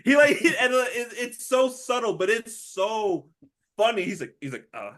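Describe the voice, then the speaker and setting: A man's voice: very high voice, moderate pace. Guy on a movie podcast, laughs a lot, does the lines. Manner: animated, laughs often, acts out movie quotes. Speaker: podcast co-host. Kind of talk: casual movie review chat.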